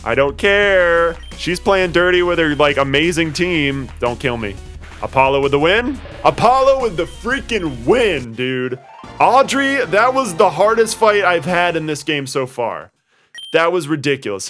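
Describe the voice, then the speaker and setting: A man's voice: on the high side, sing-song, measured pace, fairly bright tone, faint music behind. A man commentating on his video game playthrough, rambling and exasperated, pleading with the game characters. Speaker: let's play host.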